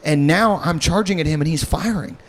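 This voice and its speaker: A man in an improvised comedy bit, sliding into a low, creepy murmur as he spins a menacing monologue. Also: brisk. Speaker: podcast co-host.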